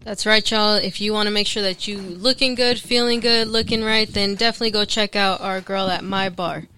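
A woman co-hosts a casual podcast, friendly and reflective as she talks about herself. Her voice is bright and forceful, sitting mid-pitch. Faint music plays behind her. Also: fairly even intonation, a little fast, clear, resonant tone. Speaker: podcast co-host.

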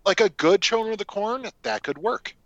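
A man's voice: sits high, expressive, moderate pace, a bit bright, no room sound, highs cut off. A man co-hosting a casual film podcast, talking animatedly and swearing freely. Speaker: podcast co-host.

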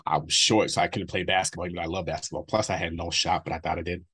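A man in his thirties with a low, husky voice speaks quickly in a candid interview. His talk is blunt and full of swearing, and he laughs between stories. He has a rough edge and a rapid pace. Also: fairly even intonation, a bit bright. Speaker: interview guest.

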